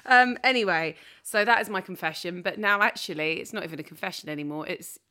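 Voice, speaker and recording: A woman's voice: lowish voice, fast talker, pushed and bright. A woman in her thirties hosting a podcast at her mother's house, chatty and self-mocking. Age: 30s. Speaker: podcast host. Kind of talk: casual chat.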